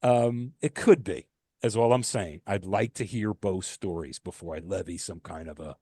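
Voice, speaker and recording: A man's voice: sits low, moderate pace, dark tone, breathy edge, no room sound, studio quality. A man co-hosting a casual podcast, telling a rambling story full of restarts and fillers, swearing casually. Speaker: podcast co-host.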